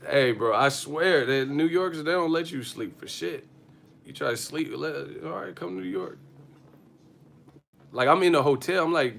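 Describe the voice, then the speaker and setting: A man talking off the cuff on a livestream, full of swearing and quick asides that keep tumbling into laughter. His voice is bright and forward, and he sits around a middle pitch for a man. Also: creaky, slight background noise. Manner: profane, animated storytelling with frequent laughter. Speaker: boxing livestream host. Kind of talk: casual livestream rant.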